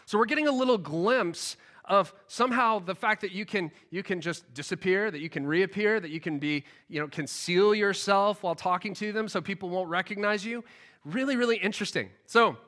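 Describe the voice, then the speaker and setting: A man giving a casual, animated Bible teaching in a storytelling way, often laughing as he goes. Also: high voice, fairly quick. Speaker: preacher.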